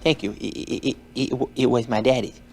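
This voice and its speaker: A man's voice: medium pitch, steady tone, fairly quick, creaky. An actor playing a shy, earnest young water boy who stutters and speaks in an overly formal, polite way, in a movie clip.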